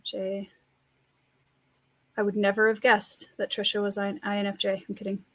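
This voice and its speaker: A woman with a Scandinavian Midwestern accent from rural Minnesota, hosting a relaxed live stream, chatting, laughing often and reading out viewer comments. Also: mid-range voice, normal speed, no echo. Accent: Scandinavian Midwestern American. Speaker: livestream host and writer.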